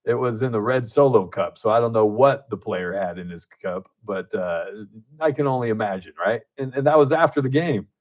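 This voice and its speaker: A man hosting a local radio talk show, telling stories in a casual, animated way, laughing often and acting out what people said. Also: on the low side, normal speed. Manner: animated storyteller, laughs often, acts out quotes. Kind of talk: casual radio chat and storytelling. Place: radio studio.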